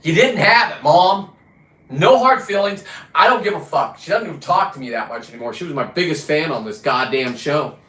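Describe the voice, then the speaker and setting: A man's voice: animated, fairly quick, fairly bright tone. Profane ranting man, roomy echo. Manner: combative, swearing, shifts pitch and volume a lot. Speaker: livestream host. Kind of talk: casual profane rant.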